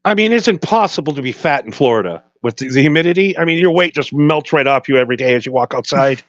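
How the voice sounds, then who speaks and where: A man co-hosting a casual podcast, crude and quick to laugh. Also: mid-range voice, lively intonation, no echo. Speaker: podcast co-host. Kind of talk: casual chat. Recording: dull, dry recording.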